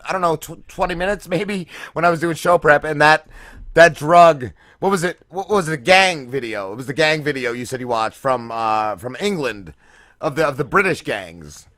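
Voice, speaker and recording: Male podcast co-host, from new jersey, slightly high, bright tone, casual, trailing off. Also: lively intonation, moderate pace, dry recording, studio quality. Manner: loose, chatty, trailing phrases. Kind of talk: casual interview chat.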